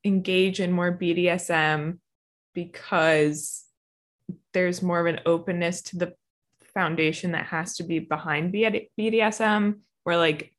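A young woman co-hosting a comedy podcast, chatting loosely and laughing often. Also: fairly low pitch. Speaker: podcast co-host. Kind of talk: casual comedic chat.

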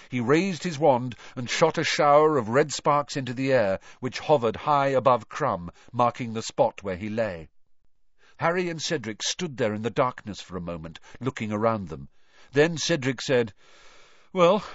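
A man giving a lively, dramatic storybook narration, in a dull, dry recording. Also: mid-range voice, dry recording. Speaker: audiobook reader.

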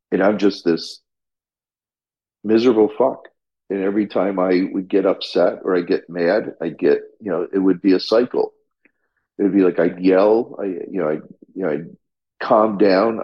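In a muffled recording, a middle-aged man who works as a firefighter and paramedic tells his story during an interview. His voice sits low, and his delivery is raw and blunt, full of swearing and sentences he keeps restarting.

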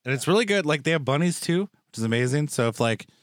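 A man's voice: on the high side, expressive, fast talker, no echo. Young man, podcast host, rambling and jokey, very dry sound. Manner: rambling, joking, lots of filler words. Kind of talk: casual chat.

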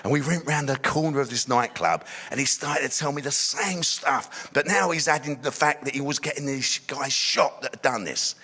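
A man's voice: mid-range voice, moderate pace, hardly any pauses, pushed and bright. A middle-aged man tells a personal testimony in a blunt, streetwise way, often adding "you know.". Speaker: speaker giving a personal testimony. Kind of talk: storytelling testimony.

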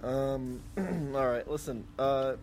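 A man's voice: medium pitch, monotone, takes it slowly, darkish tone, a little hiss or hum. Stammering man playing a captain. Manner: stammering, restarts words. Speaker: player voicing a ship captain. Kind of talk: tabletop role-play.

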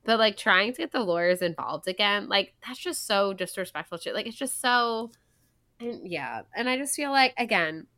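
A woman's voice: medium pitch, expressive, moderate pace, pushed and bright, no room sound, clean studio sound. A young woman co-hosting a book podcast, chatting casually and animatedly, with frequent swearing and lots of "like". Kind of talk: casual chat.

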